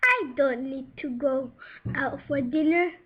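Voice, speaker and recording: A woman's voice: high-pitched, slow pace. A woman reading a storybook aloud, voicing a big bad wolf who gloats over his dinner and then cries out in panic. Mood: gloating. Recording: dull lo-fi recording.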